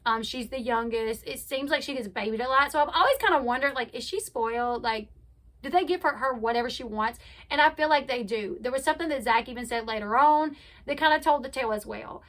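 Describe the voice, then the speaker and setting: A young woman with a high, bright voice talks through a reality show recap in a loose, chatty way. She gives her opinions freely and acts out what each person said, with plenty of fillers along the way. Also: brisk. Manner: chatty, opinionated, retells scenes by acting out quotes. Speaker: reality TV commentary host. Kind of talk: casual recap commentary.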